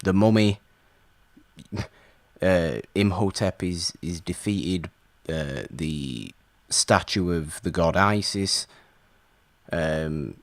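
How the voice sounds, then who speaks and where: A man co-hosting a podcast, chatting casually about old films in an animated way and stumbling over his words now and then. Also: low-pitched, extremely slow, long pauses, dry recording. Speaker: podcast co-host.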